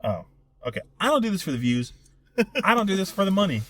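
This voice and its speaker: A man's voice: sits high, sing-song, a little fast, a bit bright. A young man co-hosting a casual podcast, rambling and profane, often cutting himself off mid-sentence. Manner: rambling, profane, self-interrupting storyteller. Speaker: podcast co-host. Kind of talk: casual chat.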